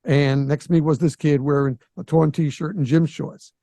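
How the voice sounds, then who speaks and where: An older man in his sixties hosts a casual podcast chat and tells stories with animation, slipping into other people's voices. His voice sits a bit high and has a mellow, warm tone. The sound is close and dry. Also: moderate pace, no echo. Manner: animated storyteller who acts out quoted voices. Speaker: podcast host. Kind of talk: casual storytelling.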